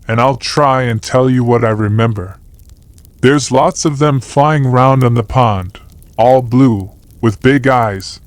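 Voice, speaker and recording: An earnest little boy tells his story eagerly, as a man reads him aloud. The voice sits at a middling pitch, unhurried and sincere, recorded dry and close. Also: no echo, close to an everyday voice. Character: earnest small boy telling about insects. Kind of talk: audiobook character voice.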